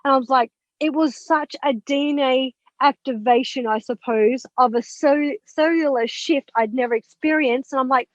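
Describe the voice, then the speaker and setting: A woman's voice: high voice, moderate pace, dry recording, highs cut off. A woman in her thirties, a podcast guest, telling a personal story with feeling and swearing freely as she voices her past thoughts.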